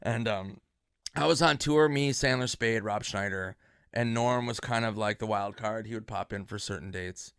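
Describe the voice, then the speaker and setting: A comedian telling backstage stories in a loose, rambling way, swearing freely. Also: male voice, on the low side, moderate pace, a bit bright, smooth, no echo, studio quality. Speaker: comedian guest. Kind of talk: casual anecdote telling.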